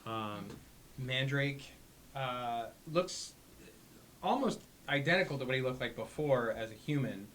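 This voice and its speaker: A man describing his tabletop character haltingly, with long pauses. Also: medium pitch, expressive, a bit bright, slight background noise. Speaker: player.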